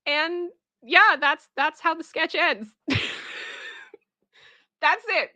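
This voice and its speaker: Woman livestream host, bright and lively, chatting with viewers. Dry, slightly dull audio. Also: high voice, no room sound. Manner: animated, retells a sketch with character voices. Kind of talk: casual livestream chat.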